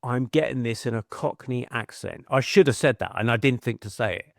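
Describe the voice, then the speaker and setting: Man, middle-aged, podcast guest, anecdotal storytelling, medium pitch, dry mic. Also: a little fast, creaky, no room sound. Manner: chatty anecdotal, acts out quoted voices. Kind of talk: casual storytelling.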